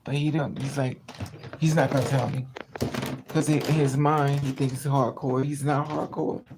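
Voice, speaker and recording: A woman chatting on a livestream, telling a story in an animated way with sudden outbursts. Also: extremely low pitch, normal speed, background noise. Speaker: livestream host. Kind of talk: casual storytelling.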